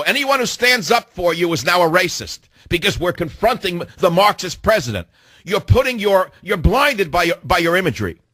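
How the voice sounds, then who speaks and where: A man's voice: sits high, pushed and bright, no echo, studio quality. Ranting male talk radio host. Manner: ranting, hectoring, rhetorical questions to listeners. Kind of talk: combative political talk radio monologue.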